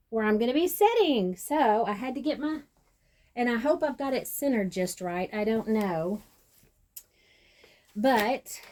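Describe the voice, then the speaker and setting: A woman hosts a casual vlog while sitting at home. She talks in an unhurried, rambling way, joking at her own expense as she goes. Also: medium pitch, dark tone. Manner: chatty, rambling, self-deprecating. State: out of breath. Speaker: host. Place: seated at home.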